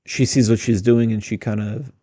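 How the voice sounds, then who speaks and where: A man's voice: on the low side, fairly even intonation, moderate pace, warm tone, dry recording. A man giving blunt, critical casual commentary on interview clips. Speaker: political commentator.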